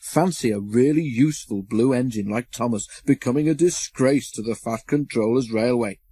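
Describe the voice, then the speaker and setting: A man's voice: medium pitch, moderate pace, mellow, husky, no echo, natural voice. A man voicing a cheeky, playful male tank engine who teases his friend, in a storybook reading. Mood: teasing. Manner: teasing and mischievous.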